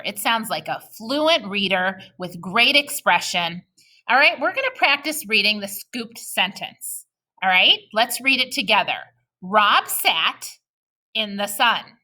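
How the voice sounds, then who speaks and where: A woman teacher giving a recorded reading lesson to young children, patient and encouraging, slowing right down to model sentences aloud. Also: medium pitch, big pitch swings, sharp tone.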